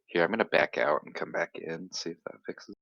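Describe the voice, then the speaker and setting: A man's voice: low-pitched, a little fast, gravelly, fairly bright tone, no room sound, muffled recording. A man playing in an online tabletop game, giggly and apologetic. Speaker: player. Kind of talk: casual chat during an online game.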